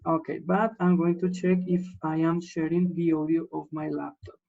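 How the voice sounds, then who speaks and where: A man teaching an English class online, explaining slowly and checking in with his students after nearly every sentence. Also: fairly high pitch, level tone, creaky, darkish tone, muffled recording. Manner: patient, repeats words and checks in with "yes?".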